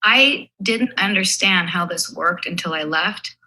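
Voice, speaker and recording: A woman with a very bright, sharp voice speaks in a casual conversation. She explains her ideas in a reflective way and sometimes restarts a sentence. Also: on the low side, a little slow, slight background noise, low-quality recording.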